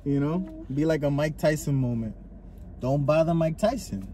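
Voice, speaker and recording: Man ranting in a car, swears a lot, mellow voice, faint road noise. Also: a little high, moderate pace. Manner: profane, ranting, animated storytelling. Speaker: podcast co-host. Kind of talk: casual chat. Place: inside a car.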